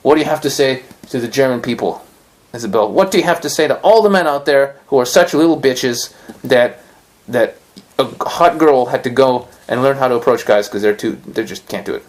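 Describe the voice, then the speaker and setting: A man hosts a podcast and tells a story in a loose, chatty way. He swears freely and acts out what people said, and his pitch rises and falls as he goes. He sounds like he is in a room with his guests. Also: a little fast. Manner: profane, animated storytelling. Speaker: podcast host. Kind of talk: casual storytelling chat.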